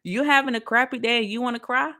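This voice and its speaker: A woman giving a casual motivational talk on self-love straight to her viewers, lively and preachy. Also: on the high side, quick pace. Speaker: motivational speaker.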